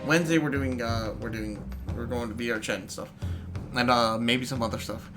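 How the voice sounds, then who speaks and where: A man's voice: mid-range voice, fairly even intonation, normal speed. A man streaming live, chatting casually and rambling to his viewers while he plays. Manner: rambling, chatty, talks to chat while playing. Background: game music.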